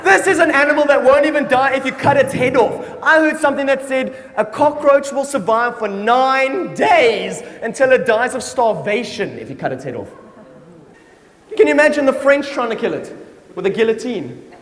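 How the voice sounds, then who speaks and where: A man's voice: extremely high pitch, expressive, moderate pace, fairly bright tone, slight background noise. A man performing a stand-up comedy routine on stage, telling stories animatedly with playful asides. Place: large hall, on stage. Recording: echoey hall, live audience laughter. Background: audience laughter.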